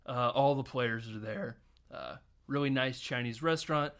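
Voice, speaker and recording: A man co-hosting a casual film podcast, retelling scenes in an animated way with quick impressions and frequent laughs. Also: medium pitch. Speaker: podcast co-host.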